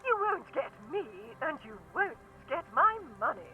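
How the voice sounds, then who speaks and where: Game role: a suspicious ancient baroness, high and swooping, over a thin phone line. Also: female voice, very animated, normal speed, soft background music. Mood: bitter. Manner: quavering, suspicious, bitter. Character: frail ancient woman on a phone, a faded baroness.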